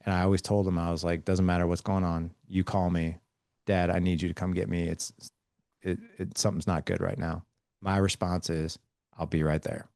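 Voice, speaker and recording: A man's voice: deep voice, flat delivery, moderate pace, darkish tone, no echo, studio quality. A man in his forties, a podcast guest, telling earnest stories about fatherhood and acting out talks with his kids. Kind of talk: conversational interview.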